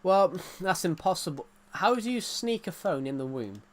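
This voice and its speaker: A man's voice: high-pitched, animated, normal speed. A man chatting casually to viewers during a gaming live stream, rambling and joking as he plays.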